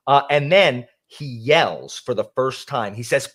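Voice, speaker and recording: A man's voice: mid-range voice, a little slow. Man guest, eager book talk, rambles. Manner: enthusiastic, animated, trailing off. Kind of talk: casual book discussion.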